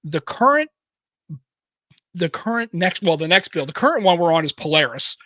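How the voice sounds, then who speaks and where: An American man in his thirties co-hosts a podcast, chatting loosely, joking and swearing freely. His voice is on the high side with big pitch swings, a moderate pace, and a sharp tone, with no room sound.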